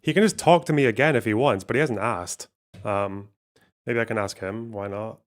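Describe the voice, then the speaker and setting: A man's voice: lowish voice, normal speed. Sarcastic rambling male streamer. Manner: sarcastic, rambling, laughing often, swearing. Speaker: streamer host. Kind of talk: casual commentary stream.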